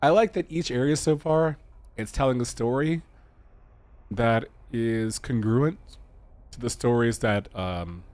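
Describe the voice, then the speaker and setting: A man streaming a game, reading its narration aloud slowly and deliberately and breaking off for casual, jokey asides to his chat. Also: lowish voice, darkish tone. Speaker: gaming streamer.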